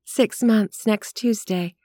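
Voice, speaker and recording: A woman's voice: medium pitch, takes it slowly, mellow, no echo, voice pushed up. An earnest, fretful young mother with a raised, eager voice, as a woman plays her. She sounds openly devoted and a little worried. The voice is close and dry. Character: anxious, doting young mother. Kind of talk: audiobook character reading.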